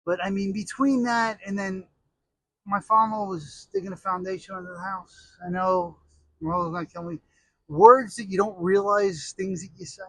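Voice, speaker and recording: A man's voice: high-pitched, fairly even intonation, moderate pace, bright, forceful tone, breathy edge, no echo, poor audio. A middle-aged American man telling rambling, jokey stories in a casual monologue, full of restarts and asides. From United States.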